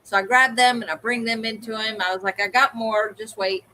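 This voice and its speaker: A woman's voice: fairly high pitch, steady tone, brisk, bright, forceful tone, rough recording. A woman co-hosting a livestream, telling a story in casual chat and acting out the people she quotes. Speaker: co-host of a livestream hangout.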